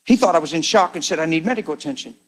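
A middle-aged man preaching his testimony as a lively story. His voice sits a little above the usual male range. He acts out the other people in the story and often sinks to a hushed tone. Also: a little high, rapid-fire.

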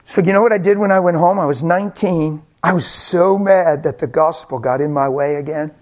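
A male preacher with a high voice tells a personal story in a sermon. He is animated and self-mocking, and he acts out each quoted line. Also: a little fast.

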